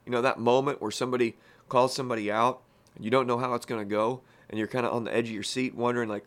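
Guy doing a laid-back bible teaching podcast, mid pitch, folksy plain talk with lots of asides. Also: fast.

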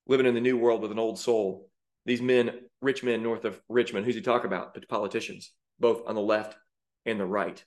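A man's voice: on the low side, fairly even intonation, brisk. A man preaching with fiery indignation, rising to emphatic peaks as he reacts to song lyrics. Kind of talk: sermon-style commentary.

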